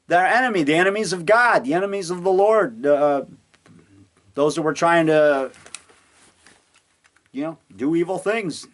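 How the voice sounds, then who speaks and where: Here a middle-aged man, an amateur filmmaker, talks at home in his basement in a loose, rambling way. His mid-range voice has a fairly bright tone, and he laughs often while telling stories and acting out what people said.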